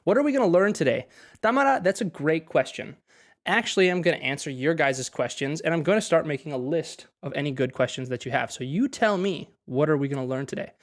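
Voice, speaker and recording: A man's voice: on the high side, animated, a little fast. Chatty Midwestern man teaching live. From Wisconsin, USA. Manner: chatty, greets viewers by name, switches between English and Spanish. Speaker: English teacher. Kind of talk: livestream language lesson.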